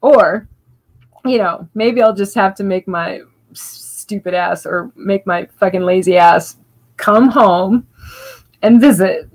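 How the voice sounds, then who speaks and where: A woman from Louisiana, a spoken-word poet, rambling warmly through a casual livestream sign-off with frequent restarts and laughter. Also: mid-range voice, creaky, poor audio. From Louisiana, US South.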